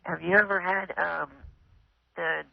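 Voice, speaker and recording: Man, caller, gravelly fry, hesitant and halting, slightly high, dull dry line. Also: steady tone, no echo. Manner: hesitant, halting, full of fillers. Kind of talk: phone-in call.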